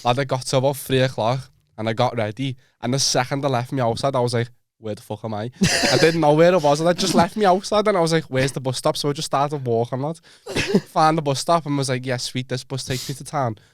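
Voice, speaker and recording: A man's voice: mid-range voice, brisk, no echo, clean studio sound. A young man telling a rambling story in a casual podcast chat, calling everyone "lad" and swearing freely. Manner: rambling anecdote, says "lad" constantly, swears. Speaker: podcast co-host.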